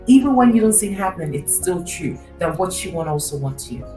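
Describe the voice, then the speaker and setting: A woman speaking as a podcast guest and mindset coach, telling a story in an animated, emphatic way and repeating her key phrases. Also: lowish voice, fairly quick. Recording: echoey distant mic with faint music.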